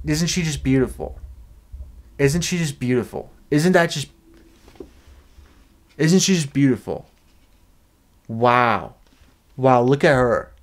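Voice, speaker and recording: A young man in a deadpan, rambling comedic monologue, swearing freely as he goes. His voice sits at an ordinary middle pitch, with a dry, offhand delivery. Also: slow, long pauses. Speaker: vlogger. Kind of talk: comedic sticker review vlog.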